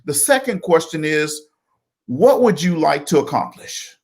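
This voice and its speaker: Guy telling folksy motivational stories, high voice, swoops up and down a lot. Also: a little slow. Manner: folksy, animated storyteller. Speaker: co-host. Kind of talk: motivational storytelling.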